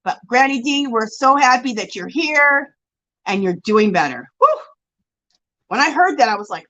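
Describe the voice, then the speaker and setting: A woman's voice: fairly high pitch, moderate pace, lo-fi sound. A woman hosting a casual craft livestream, reading viewer comments aloud and greeting people by name in a chatty, gushing way while she works on her yarn. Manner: chatty, animated, with gushing exclamations. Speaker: livestream host.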